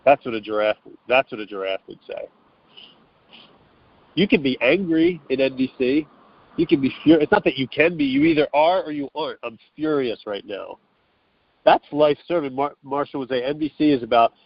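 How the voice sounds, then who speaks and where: Heard over a telephone on a dull, dry line with no room sound, a man with a mid-range voice speaks as an interview guest. He explains in an earnest, loose manner, restarting often and acting out what others said.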